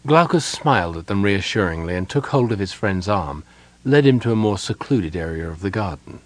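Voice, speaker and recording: A man reading fantasy fiction aloud as an audiobook narrator, measured and expressive. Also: sits low, no room sound.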